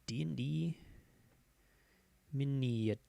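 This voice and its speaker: A man hosts a relaxed live stream from his home setup, rambling cheerfully with plenty of ums and restarts. His voice sits at an ordinary middle pitch and comes through a desk mic with a dry, close sound and no room echo. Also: slow pace, creaky. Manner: easygoing, rambling, reads viewers' posts aloud with many fillers and restarts. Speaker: streamer host. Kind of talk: casual live-stream chat.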